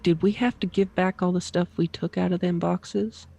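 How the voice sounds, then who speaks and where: A man trades wry jokes as a player at a tabletop game. His voice sits a little high and his manner stays casual. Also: steady tone, moderate pace, gravelly, a little mellow.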